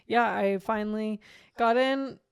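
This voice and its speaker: A woman's voice: on the high side, fairly even intonation, unhurried, clear, resonant tone. A young adult woman casually recounting a personal story, chatty and full of "like" fillers, laughing often. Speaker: guest sharing her birth story.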